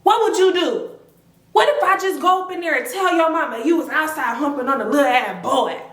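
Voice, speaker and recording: A woman's voice: sits high, extremely slow, reverberant, pitched above the performer's own voice, heavily acted. Woman doing a fierce scolding cousin. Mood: furious. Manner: scolding, loud, indignant. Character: fiery protective young woman cousin.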